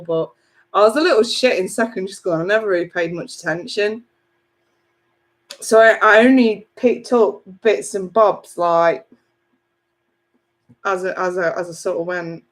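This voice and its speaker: A woman, a tarot reader chatting on a live stream, reading out viewer comments in a chatty, giggly way with casual swearing. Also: mid-range voice.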